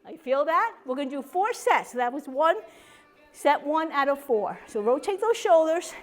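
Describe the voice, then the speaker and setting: Fitness instructor, woman, high voice, encouraging, whooping, slightly winded. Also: sing-song, moderate pace, faint music behind. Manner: upbeat, encouraging, with cheering whoops. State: slightly out of breath. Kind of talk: guided chair exercise class. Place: senior center hall.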